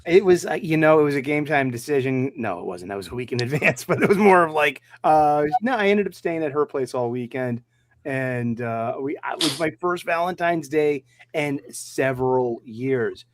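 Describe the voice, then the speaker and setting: A man bantering on a comics panel, boastful and quick to laugh. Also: a little high, animated, slight background noise. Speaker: podcast panelist. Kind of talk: casual chat.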